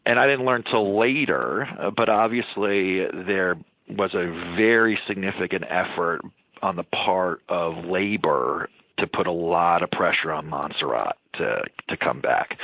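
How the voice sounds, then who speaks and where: A man's voice: low-pitched, no echo. A man recalling events in an interview, reflective and a bit hesitant. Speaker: former senator interviewee. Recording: dry, tinny phone line.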